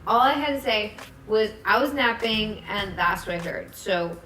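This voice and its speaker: A man's voice: high voice, animated, normal speed, pushed and bright, reverberant, soft background music. Woman playing conspiratorial young male schemer, casual comic retelling. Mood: scheming. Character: scheming young male reality-show player.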